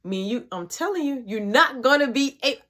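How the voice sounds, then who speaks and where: A woman's voice: sits high, animated, a little fast, a bit bright. Woman doing her furious mother. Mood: threatening. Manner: pleading then threatening, repeats herself. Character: furious demanding mother, middle-aged woman.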